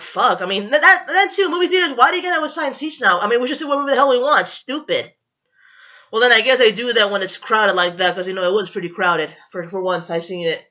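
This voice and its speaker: A woman's voice: medium pitch, sharp tone. A young woman telling a storytime vlog in a blunt, profane, confrontational way, on dull lo-fi audio. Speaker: vlogger. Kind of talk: storytime rant.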